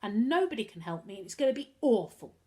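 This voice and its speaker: A woman reading aloud and voicing a frightened, despairing young schoolboy in a high, wailing voice. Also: very animated, normal speed. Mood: desperate.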